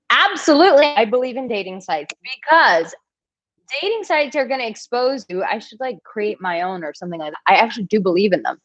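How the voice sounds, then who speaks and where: A woman's voice: on the high side, very animated, a little fast, fairly bright tone, dry recording, lo-fi sound. A woman dating coach answering viewer questions in a live Q&A, talking frankly and animatedly and laughing often. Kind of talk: live Q&A reading viewer comments.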